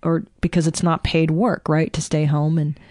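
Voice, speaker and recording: A woman's voice: low voice, level tone, moderate pace, darkish tone, dry recording, studio quality. A woman who is a podcast guest, talking candidly and with animation in casual conversation and laughing often.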